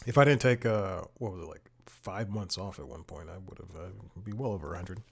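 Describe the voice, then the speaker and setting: A man's voice: fairly low pitch, a little fast, slightly rough. A man hosting a comedic podcast, rambling and self-deprecating, laughing often as he talks. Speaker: podcast host. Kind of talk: casual comedic podcast monologue.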